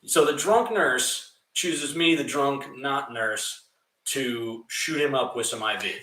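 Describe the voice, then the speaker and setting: A young man co-hosting a podcast, telling a story casually, animated and swearing, often laughing and acting out other people's voices. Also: medium pitch, slow, roomy sound, far from the mic, rough recording. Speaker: podcast co-host.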